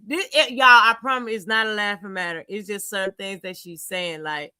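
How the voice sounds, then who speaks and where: A woman's voice: medium pitch, moderate pace, pushed and bright, clear, resonant tone, no echo. A woman hosting a livestream, giving blunt, slangy commentary on a case and often breaking into laughter. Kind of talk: casual reaction commentary.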